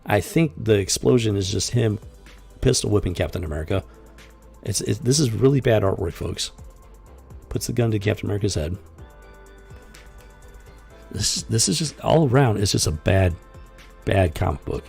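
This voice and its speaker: Man, gravelly voice, mellow dark tone, sarcastic casual comic review, faint music behind. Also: lowish voice, moderate pace, pauses often. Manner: sarcastic, exasperated, rambling with restarts. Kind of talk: casual commentary reading comic dialogue aloud.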